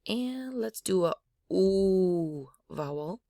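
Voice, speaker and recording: A woman's voice: mid-range voice, animated, takes it slowly, gravelly, darkish tone, no echo. Woman language teacher, dry close sound, repeats the sounds to demonstrate them. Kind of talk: slow spoken language lesson.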